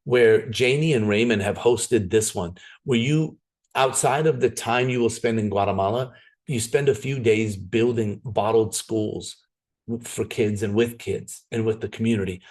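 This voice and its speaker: A man giving an excited, enthusiastic sales presentation, with big jumps in pitch. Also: a little slow.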